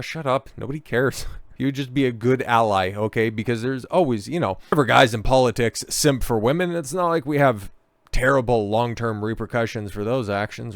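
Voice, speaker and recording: A man's voice: fairly low pitch, clear, resonant tone, no room sound. A man hosting a political commentary vlog, sarcastic and full of mocking asides.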